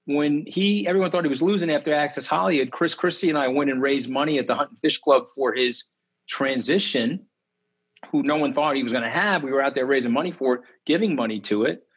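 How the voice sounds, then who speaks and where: A man, telling stories in an interview, emphatic and indignant, his pitch leaping high when outraged. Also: a little fast, husky. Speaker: interview guest. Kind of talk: animated interview storytelling. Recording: slightly dull lo-fi audio.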